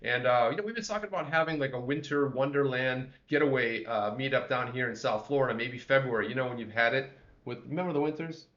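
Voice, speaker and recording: A man's voice: mid-range voice, quick pace, hardly any pauses, a bit bright. Man, livestream co-host, rambling casual chat, roomy sound, dull audio. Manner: chatty, rambling, greets viewers by name.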